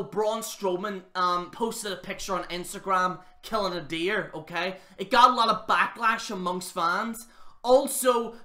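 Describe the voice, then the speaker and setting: His voice sits high, with a bright and forceful tone, as he hosts his channel. He tears into a wrestling show in a rambling, mocking review, cursing casually throughout the rant.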